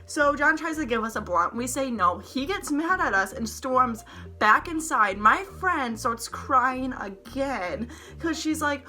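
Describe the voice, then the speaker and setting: A woman's voice: high-pitched, animated, a little slow, sharp tone, soft background music. A young woman vlogger telling a heated storytime, rambling, swearing often and saying "like" a lot. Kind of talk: storytime vlog to camera.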